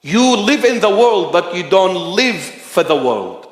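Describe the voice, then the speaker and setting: Forceful preacher man in an echoey hall. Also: sits high, very animated, measured pace. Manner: forceful, rising to shouting. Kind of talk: sermon.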